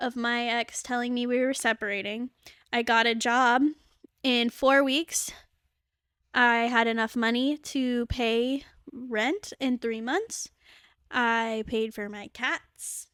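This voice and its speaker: A woman's voice: a little high, steady tone, takes it slowly, fairly bright tone, clean tone, no echo, clean studio sound. A young adult woman hosting a podcast in casual chat, talking bluntly and swearing freely. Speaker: podcast host.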